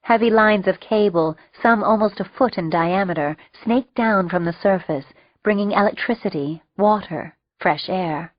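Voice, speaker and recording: A woman narrating an audiobook with steady, wry storytelling. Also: mid-range voice, normal speed, few pauses, dry recording. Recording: dull lo-fi dry recording.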